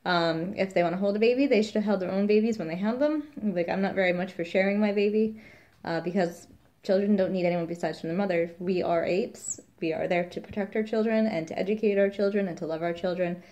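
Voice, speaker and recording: A woman's voice: medium pitch, a little fast, warm tone. A woman, a new mother, chatting casually in a rambling vlog, quoting the people around her.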